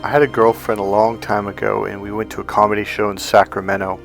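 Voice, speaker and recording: A man's voice: on the low side, fast, gravelly, faint music behind. A middle-aged man and self-help coach talking casually, telling stories with plenty of restarts and acting out what people said. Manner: chatty, animated storytelling with acted-out quotes. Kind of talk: casual talking-head advice.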